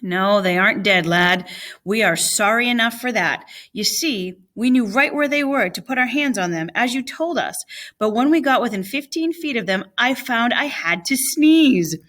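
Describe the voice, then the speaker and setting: A woman's voice: on the high side, lively intonation, normal speed, a bit bright. A woman reading aloud and voicing a kind, protective old Welshman in a storybook. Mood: reassuring.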